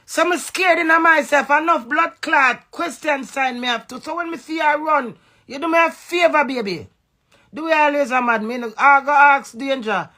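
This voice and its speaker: A middle-aged Jamaican woman in a heated, profane rant aimed at her husband, confrontational and forceful. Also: sits high, normal speed. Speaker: social media personality. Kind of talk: angry rant to camera.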